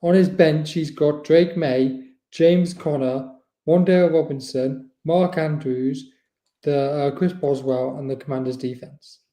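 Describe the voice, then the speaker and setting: UK male podcast host, brisk lister, warm tone, roomy echo. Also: fairly high pitch, steady tone. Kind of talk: casual chat.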